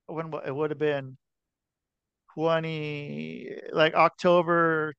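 Casual guy hosting a podcast, somewhat high voice, blunt and swears, dry sound. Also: level tone, gravelly, a bit bright, smooth, no echo, highs cut off. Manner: casual, swears freely, halting restarts. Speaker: podcast host. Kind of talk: casual interview chat.

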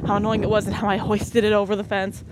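Young woman telling a sarcastic story. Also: quick pace. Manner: animated, sarcastic, laughs often. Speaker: podcast host. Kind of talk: casual storytelling monologue. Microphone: low-quality mic. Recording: noisy low-quality home recording.

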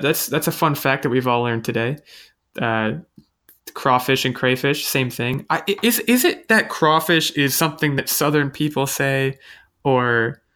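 Male podcast host, bright forceful tone, loose chatty delivery, self-deprecating humor. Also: mid-range voice. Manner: chatty, self-mocking, thinks aloud with restarts. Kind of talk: casual podcast chat.

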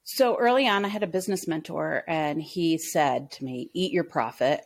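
A woman in her thirties tells how her small business grew, in a casual interview. She talks a little low and acts out what each person said, with plenty of "like" along the way. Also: normal speed. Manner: animated, acts out dialogue in her stories with lots of "like". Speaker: small business owner, guest.

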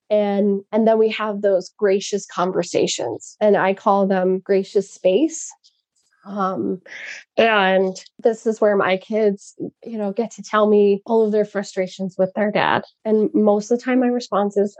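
An earnest, reflective middle-aged woman in casual talk on a call. Her pitch sits in the middle range, and the sound is dry and close, with no room around it. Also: a little mellow, no echo. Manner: earnest, reflective, laughs often, acts out quotes. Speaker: program participant sharing her story.

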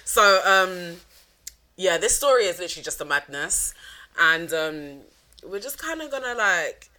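A woman co-hosting a casual true-crime podcast, chatty and quick to laugh, with lots of "like" and "um". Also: on the low side, sing-song, bright, forceful tone. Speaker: podcast co-host.

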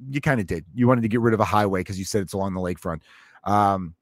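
A man's voice: on the low side, big pitch swings, fast talker, no echo, clean studio sound. A man, a parent, ranting in a sarcastic, profane, exasperated way as a comedic host. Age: adult parent. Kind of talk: comedic rant.

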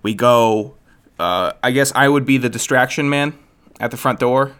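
A man's voice: mid-range voice, moderate pace, fairly bright tone, smooth. A man co-hosting a casual chat, joking and playfully scheming, laughing often.

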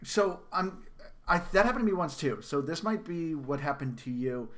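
A man hosting a casual game-review chat, animated, laughing often and acting out quotes. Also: on the high side, moderate pace. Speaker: podcast host.

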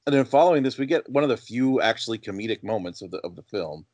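A man's voice: mid-range voice, animated, quick pace, a little mellow, dry recording. A man co-hosting a podcast in casual film discussion, recounting scenes in a conversational, analytical way. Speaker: podcast co-host.

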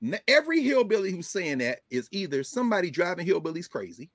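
A man's voice: high voice, very animated, fast, fairly bright tone, dry recording, clean studio sound. A man hosting casual political commentary, talking emphatically with folksy asides.

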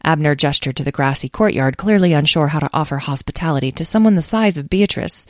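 Low-voiced woman reading a storybook. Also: dry recording, clean studio sound. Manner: measured, expressive. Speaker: narrator. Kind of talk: audiobook narration.

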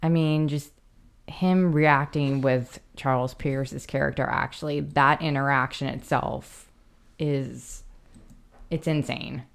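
Low-voiced woman co-hosting a podcast. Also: fairly even intonation, takes it slowly, gravelly. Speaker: podcast co-host. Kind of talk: casual chat.

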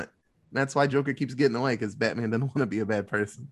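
A man in casual chat retelling a movie plot, animated and loose, swearing freely. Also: medium pitch. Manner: animated, swearing, quick asides.

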